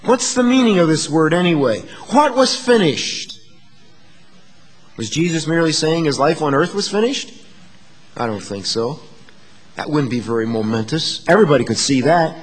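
A man preaching a sermon in a high, lively voice that jumps across a wide range. He drops to a hush and then climbs to emphatic declarations. His words ring out with a long echo in a big sanctuary. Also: normal speed, husky. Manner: dynamic preaching, swings from hushed to emphatic. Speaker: pastor.

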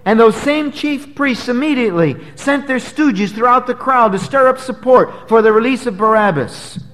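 Man, preacher, sermon, emphatic, high pitch, long hall reverb. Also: normal speed, a bit bright. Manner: emphatic, dramatic rises and drops in pitch and volume. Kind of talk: expository sermon.

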